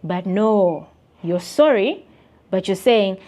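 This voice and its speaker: A young Ugandan-accented woman vents to her viewers in a casual vlog rant. She is emphatic and indignant, slipping into voices as she quotes others, at a mid-range pitch for a woman. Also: animated, slow, a little mellow. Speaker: vlogger and content creator.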